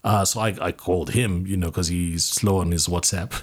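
A man hosting a podcast interview, eager and quick with "yeah, yeah" responses. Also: sits low, steady tone, husky. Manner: eager, with frequent "yeah, yeah" backchannels. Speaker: podcast host.

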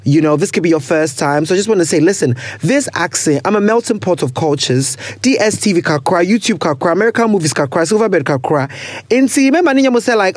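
Young ghanaian guy hosting a podcast, high voice, joking around, slips into pidgin, dry close mic. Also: lively intonation, fast, no room sound. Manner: playful, switches into Ghanaian pidgin and Twi, laughs often. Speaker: podcast host. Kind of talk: casual chat.

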